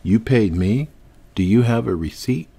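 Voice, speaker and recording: A man's voice: lowish voice, lively intonation, unhurried, vocal fry, dark tone, breathy edge, heavily acted. A man voicing a cheating white storekeeper who talks down with feigned innocence. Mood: dismissive.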